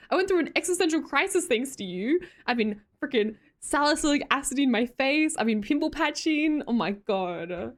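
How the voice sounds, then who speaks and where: A woman's voice: sits high, expressive, moderate pace. A young Australian woman live streamer chatting casually with her viewers, reading their messages aloud, laughing often and swearing freely.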